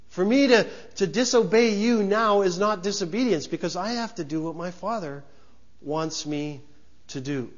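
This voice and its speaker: A man's voice: high voice, normal speed, lo-fi sound. A male pastor preaching a sermon in a conversational way, often repeating words and restarting phrases.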